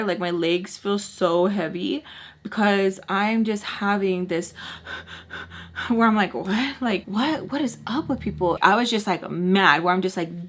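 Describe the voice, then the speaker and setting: A young woman sits down to tell her viewers a storytime, talking casually and heatedly. She swears freely, pads every thought with "like" and "you know," and her voice leaps upward whenever she quotes someone in disbelief. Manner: animated, indignant, quotes people with sudden pitch jumps; blunt and profane, lots of fillers like "like" and "you know". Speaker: vlogger telling a story.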